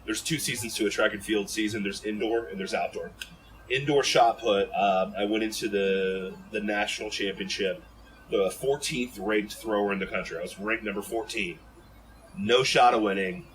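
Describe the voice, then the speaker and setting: A man from Ohio telling stories as a podcast guest in an animated, rambling way full of fillers and restarts. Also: fairly low pitch, normal speed, a little hiss or hum, rough recording. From Ohio, USA. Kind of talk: casual storytelling in an interview.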